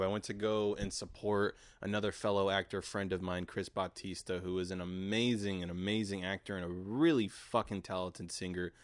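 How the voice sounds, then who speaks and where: A man's voice: low voice, no echo. Profane, rambling man hosting a podcast. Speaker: podcast host. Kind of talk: casual solo podcast. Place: home garage.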